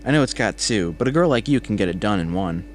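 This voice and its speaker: A man's voice: on the low side, lively intonation, quick pace, a little hiss or hum, lightly acted. A man voicing a teasing, chatty male coworker with an Austrian accent.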